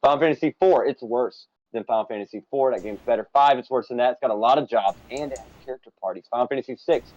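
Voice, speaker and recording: A man's voice: mid-range voice, fast talker, hardly any pauses, dull audio. A man co-hosting a casual game discussion, opinionated and running through a list of points with playful asides. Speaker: podcast co-host. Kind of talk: casual conversation about games.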